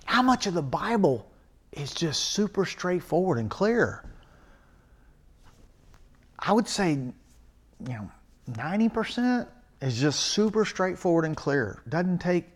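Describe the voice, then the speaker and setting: A man preaching a sermon, emphatic and earnest, swinging from loud exhortation to quiet asides and mocking rhetorical questions. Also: fairly high pitch, big pitch swings, measured pace, long pauses.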